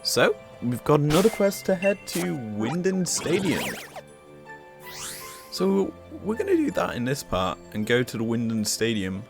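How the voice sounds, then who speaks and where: A man's voice: mid-range voice, very animated, a little slow, creaky. Man narrating a game over its music. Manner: reads on-screen dialogue aloud between comments. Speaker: gaming channel host. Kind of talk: casual gameplay commentary.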